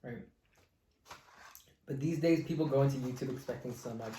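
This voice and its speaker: A man's voice: medium pitch, normal speed, mellow, a little hiss or hum. Laid-back young man in an echoey room. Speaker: podcast host. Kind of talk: casual chat.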